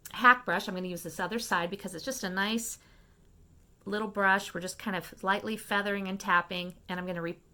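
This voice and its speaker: A woman hosting a makeup tutorial, talking viewers through each step in a chatty, fast-paced way and often checking in with them. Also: medium pitch, sharp tone. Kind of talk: casual step-by-step makeup demonstration.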